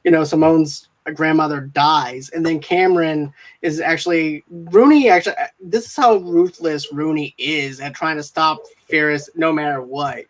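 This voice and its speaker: A man's voice: on the high side, normal speed, few pauses. A man hosting a podcast, chatting casually about a movie and retelling scenes in a rambling way with filler phrases. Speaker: podcast host. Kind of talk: casual movie review chat.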